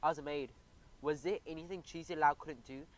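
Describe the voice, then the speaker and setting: Brief: expressive male narrator for a kids' audiobook, slightly high voice, lively delivery. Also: fairly quick, low-quality recording. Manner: animated, expressive. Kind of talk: first-person audiobook narration.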